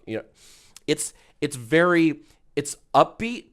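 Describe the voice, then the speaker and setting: A man's voice: mid-range voice, expressive, a little slow, fairly bright tone. A man chatting casually on a livestream, joking and riffing on messages from chat. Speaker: streamer.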